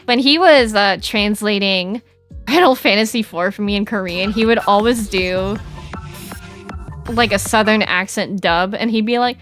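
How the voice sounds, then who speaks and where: A woman's voice: a little high, a little slow, pauses often, a bit bright, faint music behind. A young adult woman streaming, chatting casually with her chat in a bubbly, giggly, rambling way.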